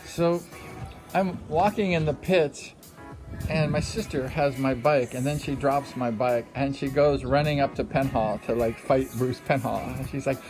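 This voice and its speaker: A middle-aged man who once raced speedway tells a rambling, casual story, loaded with repeated fillers. His medium-pitched voice is steady and a little slow, and loud music plays underneath the recording.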